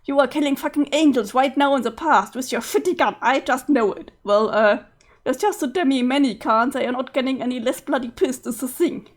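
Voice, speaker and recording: A woman reading aloud and voicing a furious, foul-mouthed young male troll who rants loudly. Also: sits high, a little fast. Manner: loud, ranting, sweary.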